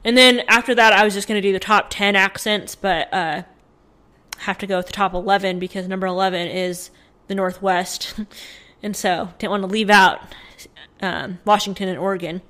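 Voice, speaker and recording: This podcast co-host is a woman whose mid-range voice sounds steady and sharp at a moderate pace. She runs through news items in a chatty, casual way, reading from notes and leaning heavily on fillers.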